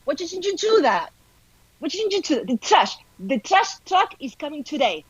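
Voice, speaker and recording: Actress doing high shrill nagging wife, Argentine Spanish accent, dull lo-fi sound. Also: female voice, very animated, normal speed, no echo. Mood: scolding. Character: scolding wife nagging her husband.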